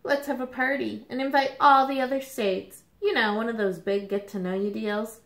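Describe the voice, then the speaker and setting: A woman voicing a bored, restless male state in a picture book, complaining in a drawn-out way, in a roomy space. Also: fairly high pitch, fairly even intonation, fairly bright tone. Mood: eager. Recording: roomy echo.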